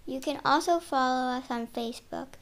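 High-voiced young girl reading a church intro. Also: moderate pace. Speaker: podcast intro announcer. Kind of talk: read church podcast intro.

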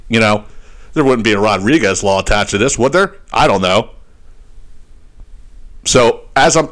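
A man hosting a podcast, telling a story as a profane, animated rant full of swearing and fillers. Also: medium pitch. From Pennsylvania, United States. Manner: swears constantly, animated rants with frequent fillers. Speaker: podcast host. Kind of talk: profane comedic storytelling monologue.

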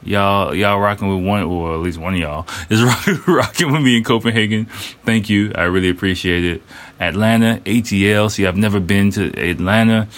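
A man's voice: on the low side, normal speed, a bit bright. A man in his thirties hosting a casual solo podcast, loose and rambling, full of fillers, restarts and slang. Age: 30s. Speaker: podcast host.

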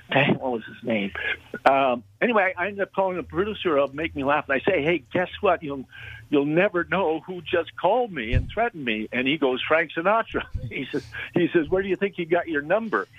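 A man's voice: on the high side, dry recording. An older man from Canada, a guest comedian, tells a long story in a casual interview, full of fillers, restarts and chuckles. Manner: rambling anecdotal storytelling with frequent fillers and chuckles. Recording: dull lo-fi, dry sound.

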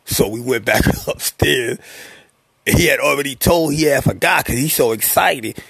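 A man spins a raw personal tale in loose street slang, swearing freely. His voice is gravelly and a little husky. He sits close in a dry, dead-sounding space. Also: medium pitch, normal speed, fairly bright tone, no echo. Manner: slangy, profane, streetwise delivery; acts out quoted voices. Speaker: rapper telling an industry story. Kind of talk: casual anecdotal storytelling.

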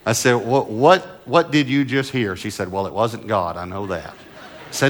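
Low-voiced man preaching a sermon. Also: normal speed. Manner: storytelling, swings from loud emphatic lines to soft hushed asides. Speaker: pastor.

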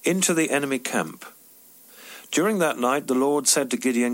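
A man reading his own devotional story aloud, wry and expressive. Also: mid-range voice, moderate pace.

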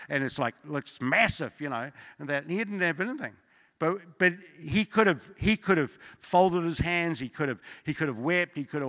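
A man's voice: a little high, normal speed, sharp tone. A middle-aged man, preaching a church sermon in an informal, joking way, with rambling asides. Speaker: guest preacher. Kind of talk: evening church sermon with testimonies. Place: church service. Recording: long church hall reverb.

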